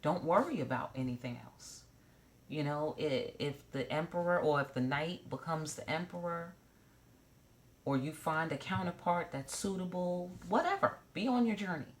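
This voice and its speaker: A woman's voice: deep voice, normal speed. A woman giving a casual tarot reading to camera, blunt and profane, with joking asides and repeated check-ins of "okay?". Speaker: tarot reader.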